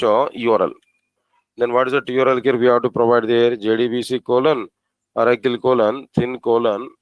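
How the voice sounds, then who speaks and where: Man teaching code, slow and repetitive. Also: mid-range voice, no echo, poor audio. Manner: repetitive, asks the class questions, spells out code slowly. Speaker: programming teacher. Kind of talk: live coding lesson.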